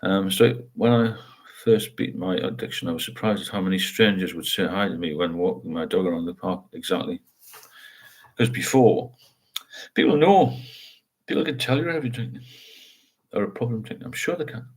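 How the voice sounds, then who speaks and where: Frank older man, low and husky. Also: normal speed. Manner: rambling, frank, asks tag questions. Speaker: livestream host. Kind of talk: casual live chat, reading viewer comments.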